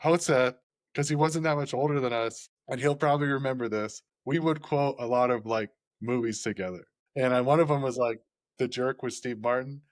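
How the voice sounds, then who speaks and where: A man's voice: medium pitch, normal speed, no echo, studio quality. A man chatting casually on a podcast, rambling and often laughing, with lots of "like" in his speech. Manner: rambling and laughing, heavy use of "like".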